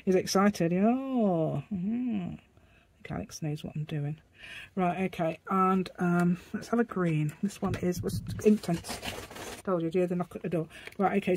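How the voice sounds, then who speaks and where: A woman's voice: fairly low pitch, darkish tone, a little hiss or hum. A woman chatting casually as she demonstrates a craft, rambling as she works and making asides to her dog. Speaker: craft vlogger.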